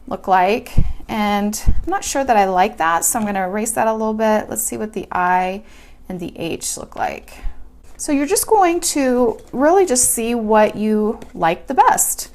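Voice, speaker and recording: A woman's voice: on the high side, lively intonation, measured pace, darkish tone. A woman teaching a hand-lettering lesson, talking casually and chattily while she sketches and explains each step. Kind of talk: casual hands-on tutorial.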